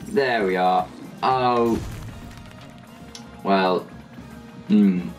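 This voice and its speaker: A man's voice: sits low, drawn-out words. A young man chatting casually over a game he is playing, rambling and restarting his sentences, with game music underneath. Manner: rambling, chatty, with frequent restarts and jokey asides. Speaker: gaming channel host. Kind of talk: casual let's play commentary.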